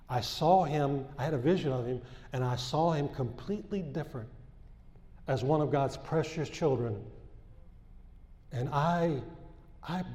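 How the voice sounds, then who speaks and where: A man's voice: medium pitch, mellow. A man preaching a sermon and reading scripture with fervor, repeating phrases and rising in bursts. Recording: echoey hall.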